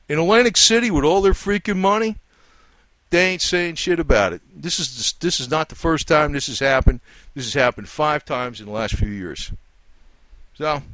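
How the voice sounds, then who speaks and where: A man's voice: mid-range voice, a bit bright, no room sound. A man delivering an angry, profane monologue as an independent commentator, repeating lines for emphasis and calling out his targets directly. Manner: talks straight to his targets. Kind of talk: ranting monologue.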